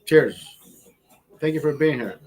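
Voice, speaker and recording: A man's voice: fairly high pitch, animated, slow pace, a little mellow. A man hosting a casual livestream, chatting with viewers in a rambling, profane and giggly way. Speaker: livestream host.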